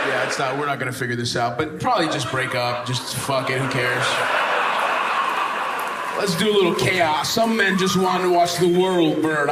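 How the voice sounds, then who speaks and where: A male stand-up comedian doing crowd work, loud and profane, teasing the audience and laughing. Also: medium pitch, very noisy. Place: comedy club stage with audience. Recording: echoey live club recording with loud ambience.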